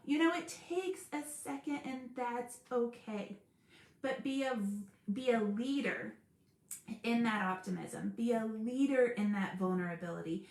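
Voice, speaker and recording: A woman hosting a live stream about school support teams, earnest and animated, laughing often as she talks. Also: sits high, moderate pace, echoey room. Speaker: special education advocate hosting a live stream. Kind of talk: casual live-stream talk.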